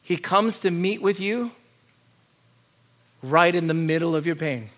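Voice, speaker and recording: A male pastor preaching with a high, bright voice. He drops into low, quiet asides, then climbs into loud, urgent pleading. He asks question after question and stacks repeated lines. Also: unhurried. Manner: rhetorical questions and repeated lists. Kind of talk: sermon.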